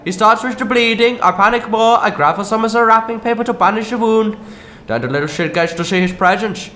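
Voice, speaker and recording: A man voicing a sulky horned Christmas demon, high voice, bright edge, gruff and quick to anger. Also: a little hiss or hum, natural voice. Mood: aggrieved. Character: grumbling male Christmas demon with horns and fangs. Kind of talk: comedy sketch acting.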